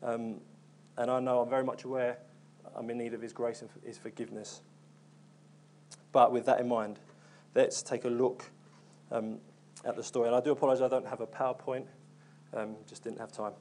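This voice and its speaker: A man's voice: medium pitch, level tone, moderate pace, pauses often, warm tone, a little hiss or hum. A young man preaching a sermon in an earnest, conversational way, with frequent ums and restarts.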